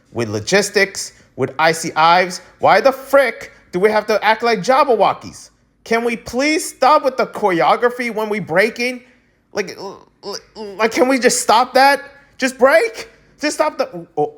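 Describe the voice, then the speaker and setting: Animated ranting Filipino-American man. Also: high voice. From United States. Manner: animated, ranting, frequent restarts and exclamations. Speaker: breakdancing news vlogger. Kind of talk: casual ranting commentary.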